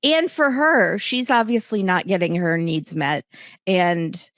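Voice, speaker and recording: A woman hosting a casual chat podcast, retelling scenes and acting out the quotes with lively, higher voices. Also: slow pace, no echo, studio quality. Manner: animated, acts out quotes in bright higher voices. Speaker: podcast host.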